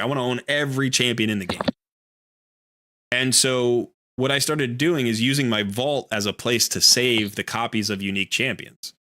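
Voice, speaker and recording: A man's voice: mid-range voice, bright, forceful tone, no echo, clean studio sound. A man hosting a live game stream, chatting casually and rambling with lots of fillers. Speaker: streamer host.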